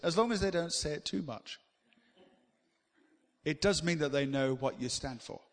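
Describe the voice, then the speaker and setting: A man preaching a sermon, animated and swinging between loud emphasis and quiet asides. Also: a little high, normal speed, pauses often. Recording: long hall reverb.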